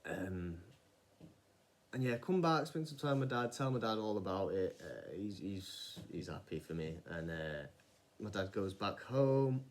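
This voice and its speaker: A man's voice: low-pitched, a little slow. Rambling man telling a story. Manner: rambling, animated retelling with frequent restarts and casual swearing. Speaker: vlogger. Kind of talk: casual storytelling monologue.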